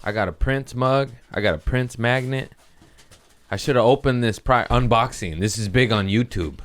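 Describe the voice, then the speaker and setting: A man's voice: medium pitch, moderate pace, a little hiss or hum. A young man doing a crude, rambling comedy monologue as a podcast host, often laughing at his own jokes.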